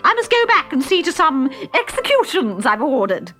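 A woman voicing a shrill, imperious queen who shrieks drawn-out commands, with faint music behind. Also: very animated, sharp tone, full character voice. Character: shrill imperious adult female queen, furious.

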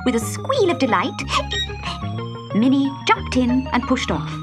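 A woman reads a children's storybook aloud, her voice rising and falling with lively expression. Her delivery is animated and clear in the telling, with music playing steadily beneath her. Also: high-pitched, a little slow. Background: background music.

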